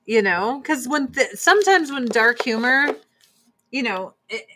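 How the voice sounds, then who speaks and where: Over some background noise, a woman streamer chats casually and bluntly while doing her makeup, swearing freely as she gives her opinions. Her voice is a little high, animated, and unhurried.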